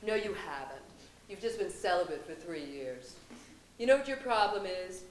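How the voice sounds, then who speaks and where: Woman playing a calm, teasing New Age man. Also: on the low side, normal speed, reverberant, a little hiss or hum, natural voice, rough recording. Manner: soothing, wry, blunt. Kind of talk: one-woman stage comedy.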